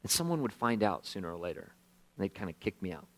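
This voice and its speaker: A man preaching a sermon, telling his own story in a conversational, self-deprecating way, swinging from hushed, slow moments to animated bursts. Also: low voice. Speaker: pastor.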